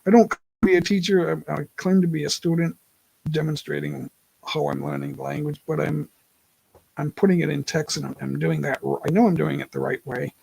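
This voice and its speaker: Gravelly-voiced man chatting on a livestream. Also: fairly high pitch, little pitch movement, fairly quick, a little mellow, dry recording, rough recording. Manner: rambling, self-correcting, laughs often. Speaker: livestream host. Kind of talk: casual live-stream chat. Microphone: laptop mic.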